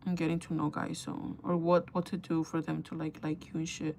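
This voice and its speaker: A young woman talks casually to her viewers while she does her makeup, gossipy and chatty. Her voice sits a little low for a woman. Faint hiss runs under the recording. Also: level tone, brisk, vocal fry, a little mellow. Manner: chatty, gossipy, addresses viewers as girl and guys. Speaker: beauty vlogger.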